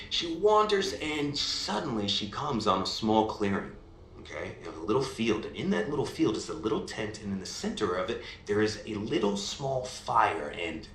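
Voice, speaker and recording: A man telling a bedtime fairy tale on a video call, animated, going up high with excitement and down low for suspense, and checking in with his listener. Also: echoey room, a little hiss or hum. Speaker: parent telling a bedtime story.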